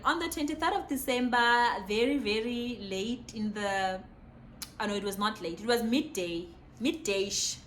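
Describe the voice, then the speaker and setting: A young South African woman with a South African accent telling a personal story, excitable and emotional. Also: mid-range voice. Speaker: vlogger. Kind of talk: casual storytime.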